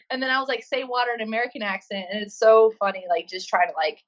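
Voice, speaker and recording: A woman's voice: on the high side, brisk. Chatty woman on a dull remote line. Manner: chatty, lots of ums and likes. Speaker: guest, Marine and CrossFit coach. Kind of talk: casual interview answers. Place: living in Australia.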